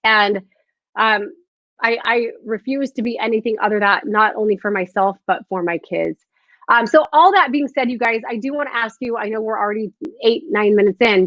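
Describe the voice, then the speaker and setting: A woman in her thirties talking earnestly to followers on a live stream, nervous and halting with restarts. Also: fairly high pitch, dry recording, dull audio. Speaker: social media host.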